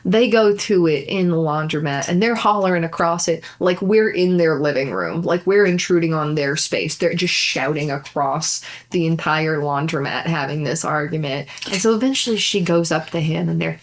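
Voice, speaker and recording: Her deep voice moves at a moderate pace with hardly any pauses as she, a comedian guest, spins a rambling podcast anecdote. She laughs a lot, curses freely, and physically acts things out.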